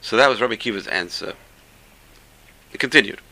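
A man teaching a Torah lesson as an animated storyteller, rising high when he quotes the rabbis and dropping low for his asides. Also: brisk, slight background noise.

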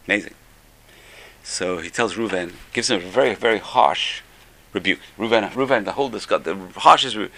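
Older man, informal Torah class, bright forceful tone, lowish voice, conversational. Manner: conversational, repeats key phrases, swings loud for emphasis. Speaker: Torah teacher.

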